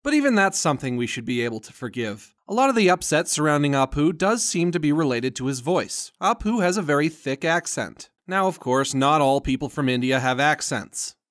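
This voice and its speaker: A man's voice: on the high side, animated, brisk, few pauses, a bit bright. A man narrating a comedic commentary voice-over, arguing in a sarcastic, mock-earnest way. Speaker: host and narrator.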